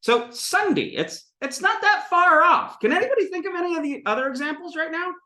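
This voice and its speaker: A man in his thirties giving a lively, digressive classroom lecture on Sanskrit, acting out voices for his examples. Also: very high-pitched, fairly quick, reverberant. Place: classroom with students.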